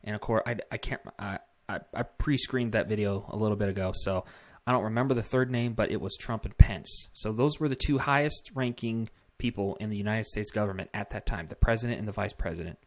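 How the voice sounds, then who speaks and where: A man's voice: fairly low pitch, a little fast, few pauses. A man hosting a casual political commentary vlog, talking bluntly with swearing and rambling asides. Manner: blunt, profane, rambling with fillers.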